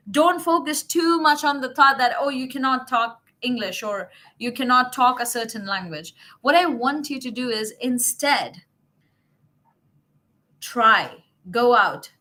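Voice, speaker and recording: A woman's voice: high-pitched, pushed and bright. A woman hosting a casual livestream English lesson, coaching her viewers in an encouraging, chatty way, with fillers and self-corrections. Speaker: English teacher, livestream host.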